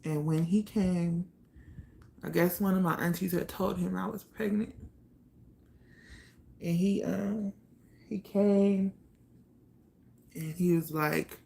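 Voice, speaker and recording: Halting, gravelly low-voiced woman. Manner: halting, soft-spoken, trailing off with many pauses and sighs. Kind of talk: personal storytelling to camera.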